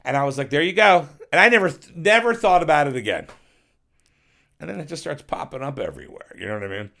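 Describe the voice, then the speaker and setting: A man's voice: a little high, very animated, quick pace, creaky, pushed and bright. A middle-aged man who is a guest on a podcast, telling rambling, profane stories in a casual interview and acting out other people's voices.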